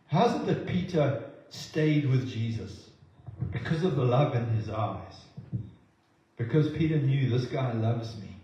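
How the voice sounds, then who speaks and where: A man preaching a sermon in an earnest way, often repeating words as he goes and acting out quotes with lively voices. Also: medium pitch, moderate pace. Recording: very echoey, slightly dull sound.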